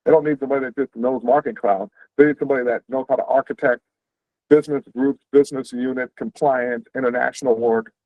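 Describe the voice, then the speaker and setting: A man hosting an info session on a video call, explaining career paths quickly and conversationally, checking in with "right?". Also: medium pitch, dry recording. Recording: tinny, phone-like dry audio.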